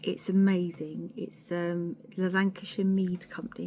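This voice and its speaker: A woman's voice: fairly low pitch, flat delivery, moderate pace, few pauses, darkish tone, a little hiss or hum. Chatty, sweary woman. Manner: chatty, sweary, self-deprecating, rambling with restarts. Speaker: vlogger. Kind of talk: candid casual chat to camera.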